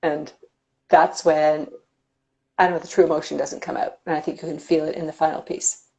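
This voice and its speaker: A woman's voice: sits low, flat delivery, fairly quick, mellow, low-quality recording. A woman hosting a casual conversation with an artist, reflective and thinking aloud. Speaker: host. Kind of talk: casual conversation about art.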